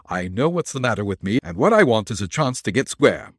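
A man's voice: lowish voice, big pitch swings, fairly quick, no echo, clean studio sound. A man voicing a stubborn male detective who talks in a blunt, sardonic way. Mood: indignant.

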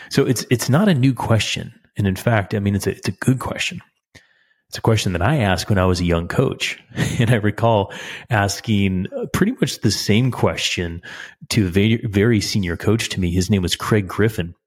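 Middle-aged male coach, very deep voice, relaxed explainer, podcast host. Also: moderate pace, slightly rough. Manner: relaxed, explanatory, frequent restarts and small laughs. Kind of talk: casual podcast talk answering a listener question.

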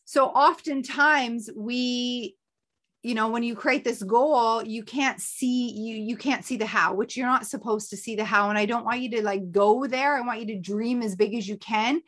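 Woman host coaching listeners, emphatic and energetic, fairly high-pitched. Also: normal speed. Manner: energetic and emphatic, with playful sound effects. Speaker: motivational coach and podcast host. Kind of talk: motivational talk.

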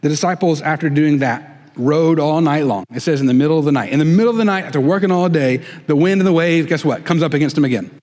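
Guy preaching, chatty and folksy, kinda high voice, long echo off the church walls. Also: quick pace, a little mellow. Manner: conversational, folksy asides. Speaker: pastor. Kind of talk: sermon.

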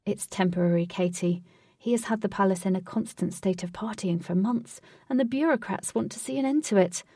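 A woman's voice: medium pitch, fairly quick, dark tone, slightly rough, no echo, studio quality, distant mic, lightly acted. A woman voicing Wraith, a serious male guide who patiently lectures his companion in a storybook reading. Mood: earnest.

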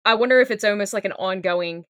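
A woman's voice: mid-range voice, fast talker, a bit bright, clean tone, dry recording, clean studio sound. A woman co-hosting a podcast, casually sharing her take on a film, thinking aloud with lots of "like". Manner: thinks aloud, frequent "like" and laughs. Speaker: podcast co-host.

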